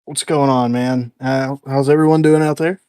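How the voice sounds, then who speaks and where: Animated young man, dry close sound. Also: mid-range voice, normal speed, smooth, no echo. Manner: animated storyteller, repeats words as he talks. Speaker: podcast guest. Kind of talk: casual podcast chat.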